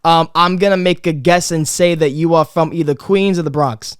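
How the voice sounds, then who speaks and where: A young Brooklyn man with a New York accent hosts a loose podcast chat. His voice sits high and rings smooth and clear, tumbling through stammered restarts and casual swearing. The sound is dry and close. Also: steady tone, normal speed, no echo. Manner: rambling, stammering restarts, lots of cursing. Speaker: podcast host.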